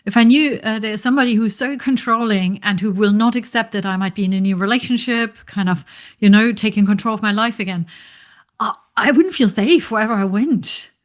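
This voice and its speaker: A woman hosts a podcast interview in a medium-pitched voice. She asks open questions and sounds sympathetic. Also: brisk. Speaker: podcast host.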